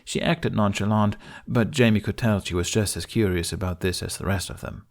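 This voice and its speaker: Male audiobook narrator, low voice, steady and emotional delivery. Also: brisk, few pauses. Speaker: fan fiction narrator.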